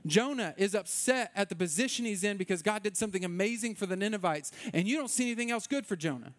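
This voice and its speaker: High-voiced man preaching casually. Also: animated, fast. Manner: informal, repeats words, restarts. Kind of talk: conversational sermon.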